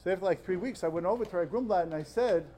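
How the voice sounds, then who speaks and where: A young man in his twenties, a yeshiva student, tells a personal story in an animated, earnest way before giving an informal Talmud lecture. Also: high-pitched, rapid-fire, slight background noise. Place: study hall before fellow students.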